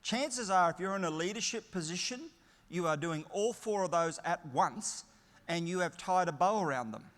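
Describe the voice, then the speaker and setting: A middle-aged Australian man delivers a keynote in a large conference hall, his voice sitting a touch high and carrying a long reverb tail. He talks in a chatty, storytelling way with easy humour. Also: animated, moderate pace, a bit bright. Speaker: keynote speaker.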